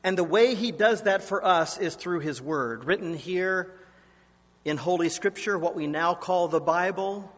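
High-voiced pastor in a reverberant church. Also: male voice, measured pace. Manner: anecdotal, self-deprecating storytelling. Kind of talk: sermon. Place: church sanctuary.

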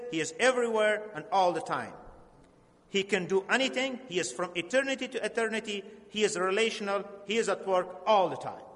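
Earnest high-voiced preacher in a hall. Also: male voice, a bit bright. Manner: earnest, slow and emphatic, with halting restarts. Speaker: pastor. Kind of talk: sermon. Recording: long hall reverb.

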